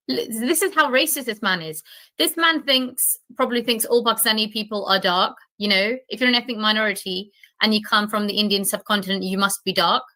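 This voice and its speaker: A young woman with a British accent, her voice bright and forceful as she fires off indignant, scornful commentary. She talks in a heated, insulting rush, at an ordinary pitch. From United Kingdom.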